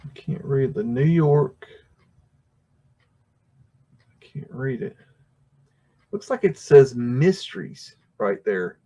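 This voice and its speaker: A man's voice: mid-range voice, sing-song, slow, pauses often, warm tone. A man hosting a livestream, talking casually through old photographs in a rambling way, with many fillers and restarts and frequent chuckles. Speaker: livestream host.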